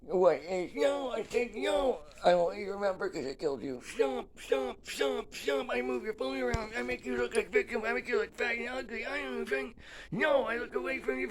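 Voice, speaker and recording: A man with a very high voice talks alone in a broken, stop-start monologue. He keeps cutting himself off with short interjections, at times shouting and at times dropping to a quiet, flat tone. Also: brisk. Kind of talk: solo spoken monologue.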